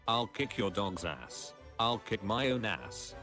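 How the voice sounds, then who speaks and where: Low-voiced man reading memes over music. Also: slow pace. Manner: reads captions aloud, drops into deadpan low voices for punchlines. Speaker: streamer reading memes aloud. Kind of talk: casual meme reaction stream. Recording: music playing behind.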